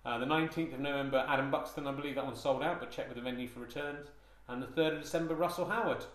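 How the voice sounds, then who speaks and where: Hosting a comedy podcast, this man talks quickly in a steady, mid-range voice. His mock-solemn monologue wanders, with frequent hesitations and false starts. The handheld digital recorder picks up a lot of echoey room sound.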